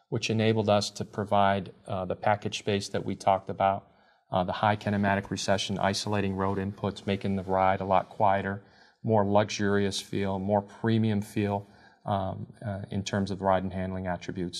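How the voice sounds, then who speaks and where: A man with a somewhat low voice answers interview questions as a guest engineer. He talks carefully and in measured steps, often pausing on fillers before he continues. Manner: measured, hesitant, many fillers.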